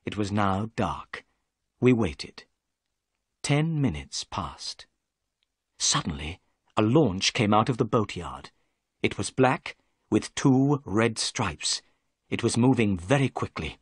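Expressive male storyteller, dry close sound. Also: lowish voice, slow, long pauses, breathy edge, no room sound. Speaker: narrator. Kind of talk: scripted story narration for English learners.

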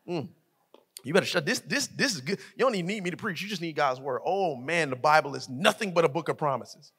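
A man preaching a sermon as co-pastor, in a colloquial way that repeats words, often building to shouts. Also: fairly high pitch, expressive, fast, husky. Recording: long hall reverb.

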